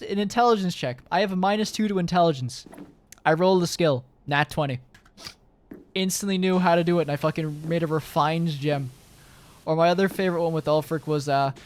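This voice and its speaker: A young man streaming, chatting casually to his viewers in a rambling way, full of fillers and swearing. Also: fairly high pitch.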